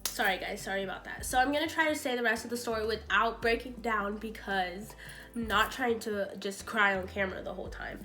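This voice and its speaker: A woman's voice: mid-range voice, a little fast, bright, forceful tone, soft background music. A young woman vlogger telling a painful story through tears, rambling and filling her talk with "like". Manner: rambling, heavy use of "like", acts out quoted talk. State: tearful, voice breaking. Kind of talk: emotional storytime vlog.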